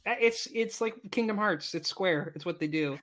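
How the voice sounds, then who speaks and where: A man's voice: sits high, normal speed, fairly bright tone. A man in his thirties co-hosting a casual gaming podcast, talking eagerly and rambling with restarts. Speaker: podcast co-host.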